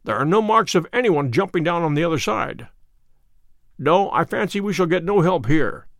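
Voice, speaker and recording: A man reading Sherlock Holmes, crisp and commanding. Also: a little high, lively intonation, moderate pace, no room sound, clean studio sound. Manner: crisp, authoritative. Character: sharp, commanding detective.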